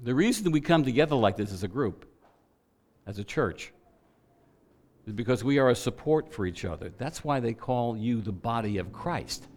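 A man preaching to a church congregation builds his message around a personal story, telling it with animation and acting out the voices of people he met. His voice is mid-range, average for a man, at a moderate pace with slight background noise.

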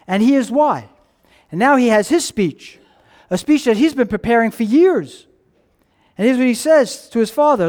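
With a very high voice at normal speed, a male pastor preaches a sermon. He acts out what the characters say as he tells an animated story, pausing to question the congregation.

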